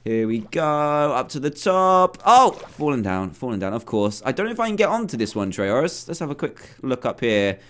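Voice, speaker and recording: A man giving excitable, chatty commentary over his own gameplay, with frequent exclamations. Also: mid-range voice, moderate pace, hardly any pauses. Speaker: gaming video host. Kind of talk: let's play commentary.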